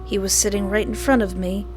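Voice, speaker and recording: A woman's voice: mid-range voice, heavy background noise. Woman narrating a visual novel. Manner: animated, playfully sarcastic. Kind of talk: reading a visual novel aloud with jokey asides.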